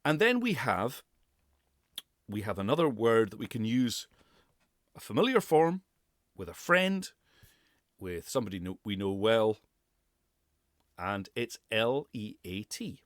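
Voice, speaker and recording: A man giving a pronunciation lesson as a speech coach, deliberately repeating and exaggerating sounds for the listener. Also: on the low side, sing-song, no echo, clean studio sound.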